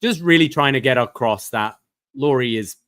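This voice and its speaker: A man's voice: mid-range voice, moderate pace, fairly bright tone, dry recording, studio quality. A man co-hosting a casual movie review podcast, giving thoughtful, chatty critique with filler words. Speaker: podcast co-host.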